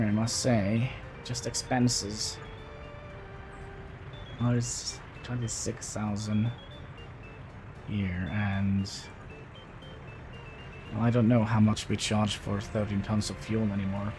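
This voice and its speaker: Livestreaming a city-building game, a man with a medium-pitched, dark voice thinks aloud in casual, hesitant commentary.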